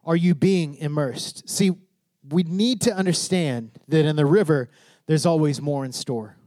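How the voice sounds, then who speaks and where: A man's voice: on the high side, a little slow, warm tone, dry recording. A pastor preaching to his congregation, asking questions and building to fervent emphasis. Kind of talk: sermon.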